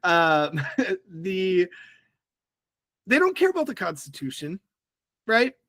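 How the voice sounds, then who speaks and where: A young man co-hosting a political podcast in casual chat, chatty and slangy and quick to laugh. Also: sits high, big pitch swings, sharp tone, no room sound. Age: young adult. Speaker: podcast co-host.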